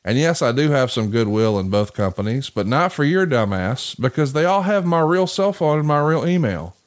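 A man hosting a casual podcast conversation, telling a long story in a profane, animated way. He slips into the voices of the people he quotes, then drops back into his easygoing mid-range delivery. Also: mid-range voice, moderate pace. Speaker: podcast host.

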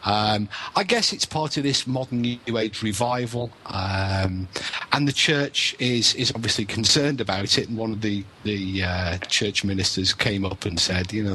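A man co-hosting a casual podcast, explaining in a measured way with dry humour. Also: lowish voice, pushed and bright, slightly rough. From Wales, UK. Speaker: co-host, paranormal researcher.

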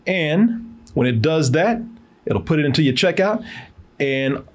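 A male host chatting in a relaxed, slangy way and reading a sponsor spot. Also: a little high, a little slow. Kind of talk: casual talk with sponsor read.

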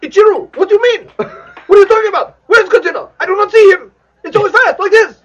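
A man's voice: very high-pitched, lively intonation, fast talker, voice pushed up. A man voicing a melodramatic figure from a badly dubbed monster movie, with a stilted sing-song delivery. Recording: lo-fi recording.

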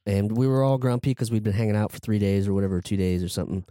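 A podcast co-host tells a rambling story in casual chat, full of fillers and restarts. His voice is on the low side and dark, level in tone and very fast. The studio sound is clean, with no echo.

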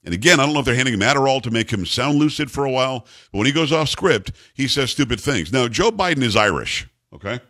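A man's voice: mid-range voice, quick pace, few pauses. A middle-aged American man hosting a talk radio show, sarcastic and opinionated as he riffs with his co-host. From United States. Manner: animated, sarcastic, riffing with a co-host.

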